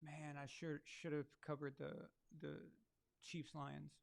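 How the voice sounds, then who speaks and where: A man's voice: fairly high pitch, monotone, takes it slowly, creaky, smooth. A man hosting a live sports watch-along, talking casually with crude, sarcastic asides. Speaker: live sports show host.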